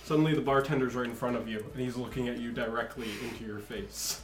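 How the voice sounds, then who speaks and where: A man narrating a tabletop game as game master, animated and often laughing, recorded in an echoey room with faint music. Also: medium pitch, fast talker.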